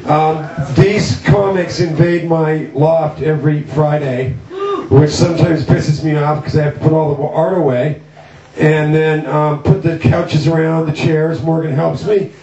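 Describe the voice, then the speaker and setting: A man's voice: on the high side, steady tone, measured pace, warm tone. A middle-aged man from Canada hosting a comedy night, talking in a rambling, profane, self-mocking way with lots of fillers. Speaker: comedy show host. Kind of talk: stand-up style intro monologue. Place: loft art studio with live audience. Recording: distant, roomy, dull lo-fi camera audio.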